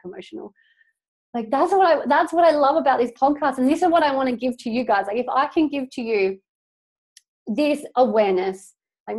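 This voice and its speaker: A woman's voice: a little high, a little mellow. A young woman hosting a solo motivational podcast, talking casually and emphatically, swearing freely as she coaches her listeners.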